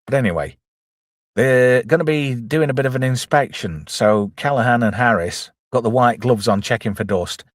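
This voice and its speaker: A man's voice: mid-range voice, moderate pace, dry recording, clean studio sound. A man chattily retelling a comedy film scene by scene, with self-deprecating asides. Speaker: film reviewer, channel host. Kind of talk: casual film recap.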